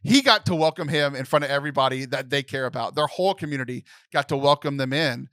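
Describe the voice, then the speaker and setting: A man's voice: mid-range voice, fast talker, bright, forceful tone, smooth, no echo. A young man co-hosting a podcast in casual chat, emotional and close to tears, rambling with many restarts. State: tearful. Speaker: podcast co-host.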